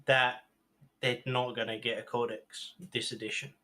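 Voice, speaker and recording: Bright-voiced joking podcast co-host man. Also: medium pitch, little pitch movement, normal speed. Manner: joking, offers hot takes, exaggerates. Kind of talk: casual chat.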